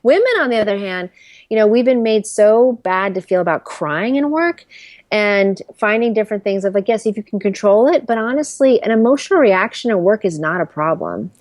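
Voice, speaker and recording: A woman's voice: medium pitch, fairly quick, no echo. A woman in her thirties, a career strategist and interview guest, talking candidly and animatedly. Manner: candid, animated storyteller who acts out quotes. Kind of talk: casual interview conversation.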